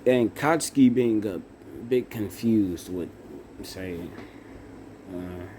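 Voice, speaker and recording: Slow, low-voiced young man telling a story. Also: dark tone, slight background noise. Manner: halting, unscripted, with many fillers and self-corrections. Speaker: fan fiction storyteller. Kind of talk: improvised spoken fan-fiction narration.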